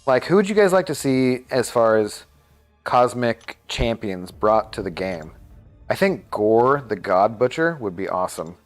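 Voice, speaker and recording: A man's voice: on the low side, sing-song, a little slow, soft background music. A man streaming a game live, chatting casually and thinking aloud with lots of fillers.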